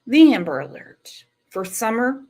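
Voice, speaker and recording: A woman hosts a true-crime show, speaking in a slightly high voice. Her delivery is slow and measured, and her pitch moves up and down a lot as she comments and dwells on sympathetic remarks. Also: very animated, mellow. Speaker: host of a true-crime channel.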